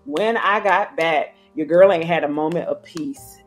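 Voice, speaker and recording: A woman, telling an animated story as an interview guest and acting out other people's voices. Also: deep voice, a little slow, faint music behind. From South Carolina, US. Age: 30s. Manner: acts out quoted voices, slangy and emphatic. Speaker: guest filmmaker. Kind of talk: animated storytelling in casual chat.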